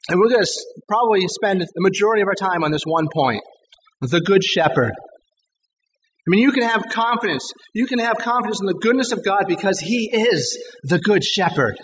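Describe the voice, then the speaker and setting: A man preaching a sermon, earnest and emphatic, slowing down to stress scripture quotes. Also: sits high, animated, fairly bright tone, big-room sound, muffled recording, a little hiss or hum. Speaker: pastor. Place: church sanctuary.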